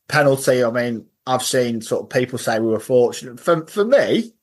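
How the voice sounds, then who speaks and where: A man's voice: mid-range voice, lively intonation, normal speed. A man in casual podcast chat, telling funny stories as a football-fan guest and laughing at his own tales. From England.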